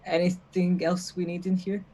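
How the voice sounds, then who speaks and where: A man's voice: sits high, completely flat delivery, moderate pace, mellow. A man, a player joking and describing his character's actions. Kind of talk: tabletop game chat. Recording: online call with faint music behind.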